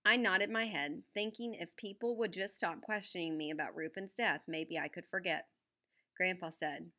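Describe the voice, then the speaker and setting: A woman reading a novel aloud in the first person, steady and even as a storyteller. Her voice sits slightly low yet sounds bright and forceful. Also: moderate pace. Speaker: audiobook narrator.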